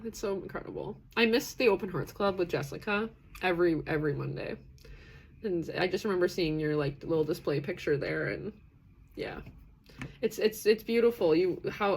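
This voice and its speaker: Chatty woman with a gravelly edge. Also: medium pitch, slight background noise. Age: 30s. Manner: chatty and warm-hearted, laughs often, talks in rambling restarts. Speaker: host of a live self-acceptance session. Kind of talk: casual live-stream talk, reading chat comments.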